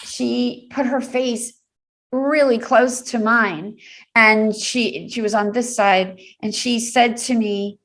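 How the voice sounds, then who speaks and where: Woman telling her story, a little high-pitched. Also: fairly even intonation, slow, a bit bright. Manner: earnest storytelling with frequent laughs and fillers. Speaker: guest, trauma recovery specialist. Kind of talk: telling a personal story in an interview.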